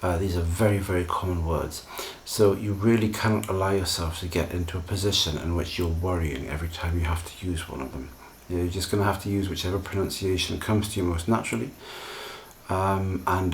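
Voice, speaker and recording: A man, explaining pronunciation in a calm, reassuring solo video lesson. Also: deep voice, brisk, a little hiss or hum. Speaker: English pronunciation teacher.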